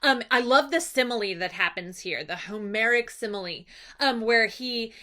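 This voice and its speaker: Woman, young adult, teacher, chatty lesson recap, enthusiastic, bright voice. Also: a little high, moderate pace.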